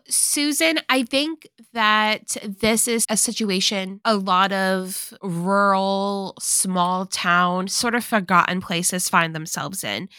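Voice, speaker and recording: A young woman co-hosting a podcast, chatting casually and giving her opinions in quick bursts. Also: mid-range voice, pushed and bright, clear, resonant tone, no room sound, clean studio sound. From Kentucky, United States. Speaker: podcast co-host. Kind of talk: casual chat.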